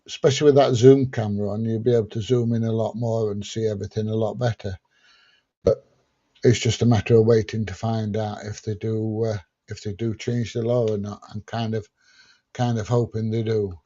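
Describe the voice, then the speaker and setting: A man hosts a casual livestream, reading viewer questions from chat and answering them plainly. His lowish voice is warm with a breathy edge, and the sound is lo-fi.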